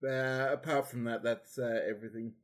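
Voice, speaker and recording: A man's voice: medium pitch, fairly even intonation, moderate pace. A man playing in a casual tabletop game, talking hesitantly with many fillers. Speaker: player.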